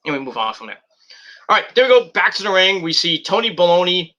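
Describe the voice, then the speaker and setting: A man's voice: sits high, sing-song, quick pace, bright, forceful tone, muffled recording. A man casually reviewing a wrestling show, rambling with lots of fillers and mocking paraphrases of what people said.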